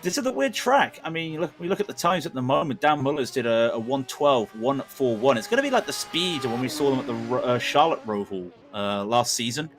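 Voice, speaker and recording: A man co-commentating a live sim race, animated and tripping over his words. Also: medium pitch, brisk, hardly any pauses.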